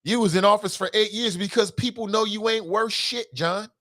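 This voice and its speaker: A man's voice: high voice, moderate pace. Fired-up man hosting a talk show. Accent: Cincinnati. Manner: passionate, profane, swings between loud outbursts and muttered asides; reads listener comments aloud. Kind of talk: solo political talk radio commentary.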